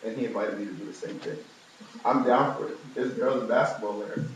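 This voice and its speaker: Young guy from new york telling his story to a crowd, jokey asides, big hall echo, faint room hum. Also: fairly quick. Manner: storytelling, humorous asides, animated rises in pitch. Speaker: speaker giving a testimony. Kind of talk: personal testimony to a live audience. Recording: very echoey room, from far off.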